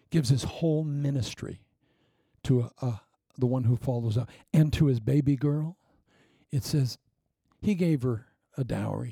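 A male pastor preaches with animated delivery and now and then drops into a whisper for emphasis. His voice is mellow, husky and gravelly, and it sounds close and dry. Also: medium pitch, no echo. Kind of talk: sermon.

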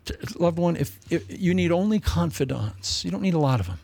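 A man's voice: fairly high pitch, fairly quick, gravelly, no echo. A man preaching a sermon in a humorous, conversational way, often repeating himself for emphasis. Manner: animated, humorous, conversational, with repetitions. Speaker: pastor.

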